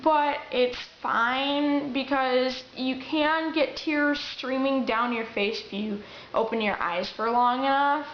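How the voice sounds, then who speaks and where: A young woman with a voice on the high side gives acting tips in a chatty vlog, restarting sentences and acting out quotes. It's lo-fi camera-mic audio, dull and roomy in an echoey room, with slight background noise.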